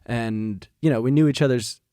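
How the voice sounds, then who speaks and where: A man's voice: mid-range voice, moderate pace, warm tone, smooth, no echo, studio quality. A man co-hosting a podcast, telling a story in a chatty, casual way and swearing freely. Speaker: podcast co-host. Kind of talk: casual chat.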